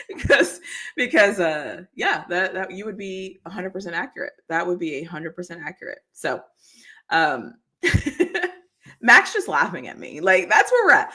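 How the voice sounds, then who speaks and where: A woman's voice: mid-range voice, very animated, moderate pace, pushed and bright. A woman hosting a casual livestream, chatting freely, often laughing and answering comments from the chat. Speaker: livestream host.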